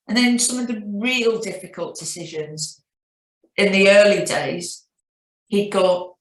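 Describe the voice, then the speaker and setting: A woman's voice: mid-range voice, expressive, unhurried, roomy sound, rough recording. A middle-aged woman with a Northern English accent, a chief executive telling anecdotes in a business interview with many restarts. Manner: reflective, anecdotal, frequent restarts. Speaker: CEO guest.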